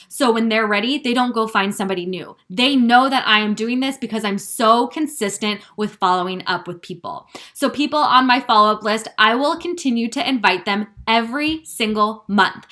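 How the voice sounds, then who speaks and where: A young woman with a bright, forceful voice, coaching her team in a direct and upbeat way. She talks a little higher than most and reads sample messages aloud to show how they should sound. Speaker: fitness coach.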